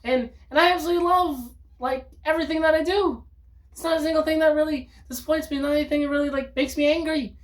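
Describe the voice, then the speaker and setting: A woman vlogging in an upbeat, rambling monologue, breaking into loud outbursts when she acts out quotes. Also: sits high, steady tone, quick pace.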